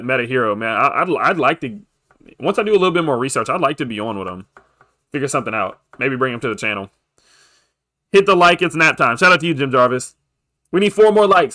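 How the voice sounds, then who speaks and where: A young man streaming live about crypto, hyped and pushy as he begs viewers for likes and gives shout-outs. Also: medium pitch. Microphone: desk microphone.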